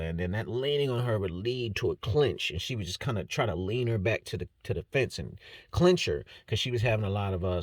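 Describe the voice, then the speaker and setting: A man's voice: on the low side, darkish tone, no echo. A man giving a casual, slangy, profane breakdown of fight results, laughing often. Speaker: MMA fight analyst.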